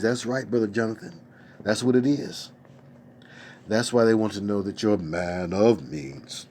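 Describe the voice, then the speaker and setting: Reading viewer comments aloud at his home desk, this streamer keeps things casual with exclamations and chatty asides. He has a fairly low, darkish voice at a moderate pace, with a bit of background noise behind him.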